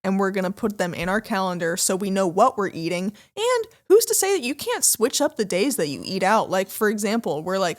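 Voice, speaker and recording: A woman's voice: mid-range voice, sing-song, fairly quick, few pauses. A woman from the American Midwest co-hosting a podcast, chatting casually and animatedly with many fillers. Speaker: podcast co-host. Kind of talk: casual chat.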